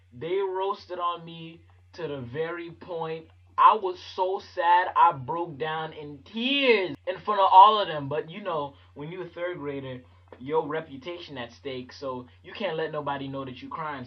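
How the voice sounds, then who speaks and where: A man telling a comic childhood story on his vlog, animated and slangy and full of quick voice switches. His voice sits a bit high, and the audio is dull and lo-fi. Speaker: vlogger.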